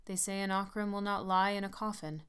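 A woman voicing a sad, brooding young man who speaks low and thoughtfully in a gothic story. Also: fairly even intonation, fairly quick, fairly bright tone, clean tone, close to an everyday voice. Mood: somber.

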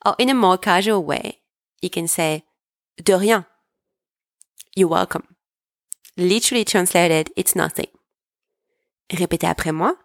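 A woman leads a language lesson at a very slow, patient pace, leaving pauses for learners to repeat after her. Her voice sits a little low, and the recording is dry and close with no room sound. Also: gravelly, no room sound. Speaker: language teacher.

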